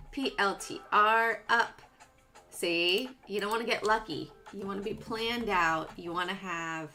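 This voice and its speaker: Chatting casually and playfully with her viewers, this livestream stock trading host gives relaxed market commentary while going over her charts. Her voice is medium-pitched, bright and forceful, with music in the background.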